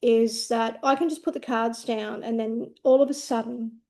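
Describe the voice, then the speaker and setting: A woman's voice: a little high, fairly even intonation, moderate pace, darkish tone. A woman co-hosting a tarot podcast, explaining her experience in a reflective, teacherly way, often checking in with "right?". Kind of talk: casual chat, explaining.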